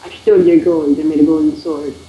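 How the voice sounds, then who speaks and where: A man's voice: a little high, little pitch movement, quick pace, dull audio, a little hiss or hum. A man in casual multiplayer gaming chat, teasing his friends and repeating himself. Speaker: game player. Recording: roomy echo.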